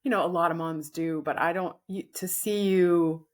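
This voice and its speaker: A woman co-hosting a podcast in casual chat, reflective and gentle, often restarting her sentences. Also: lowish voice, fairly even intonation, normal speed. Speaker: podcast co-host.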